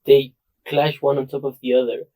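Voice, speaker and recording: A man's voice: medium pitch, little pitch movement, moderate pace, mellow, low-quality recording. A man from Spain, chatting casually on a podcast and often agreeing. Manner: agreeable, keeps affirming. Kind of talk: casual chat.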